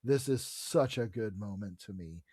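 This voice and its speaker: A man's voice: fairly low pitch, animated, a little slow, dark tone, husky, no room sound, clean studio sound. Enthusiastic man recapping comics. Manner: enthusiastic retelling, many fillers. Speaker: podcast co-host. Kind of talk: casual chat about comics.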